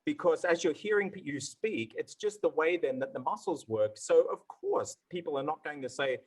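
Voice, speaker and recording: A man's voice: a little high, animated, normal speed, darkish tone, slightly rough, poor audio. A man teaching pronunciation in a live question-and-answer session, enthusiastic and demonstrative, sounding out syllables to show how tones work. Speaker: Mandarin tone instructor answering questions. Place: online event session.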